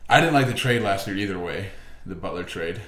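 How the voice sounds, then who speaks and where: A man's voice: deep voice, lively intonation, brisk, fairly bright tone, reverberant. A young man hosting a casual sports podcast, chatty and opinionated, often laughing as he talks. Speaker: podcast host. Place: room, walking around.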